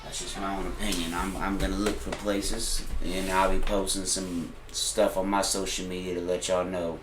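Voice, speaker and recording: A man's voice: low-pitched, flat delivery, moderate pace. A man, co-hosting a casual podcast chat in an earnest, laid-back, slangy way. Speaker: podcast co-host. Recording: roomy echo.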